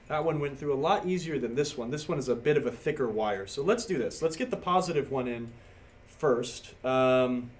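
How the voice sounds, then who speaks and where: This man's voice sits on the high side, with a little hiss or hum in the recording. He's a livestream host at a workbench doing pinball repair, casually explaining a circuit board fix step by step as he works and reading viewers' chat.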